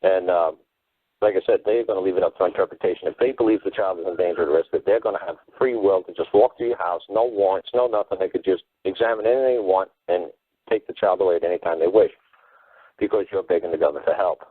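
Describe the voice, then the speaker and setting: Fast-talking man on a phone line. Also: deep voice, husky, no room sound. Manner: emphatic, rambling, repetitive. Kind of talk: call-in talk show advice. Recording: tinny dry phone line.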